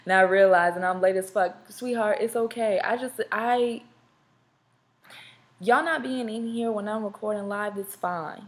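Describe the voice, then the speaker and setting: A woman's voice: medium pitch, a little slow. A young woman from Southern California hosting a podcast live, chatting casually to viewers and rambling with fillers and restarts. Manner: chatty, talks straight to viewers. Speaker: podcast host. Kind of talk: casual live-stream chat.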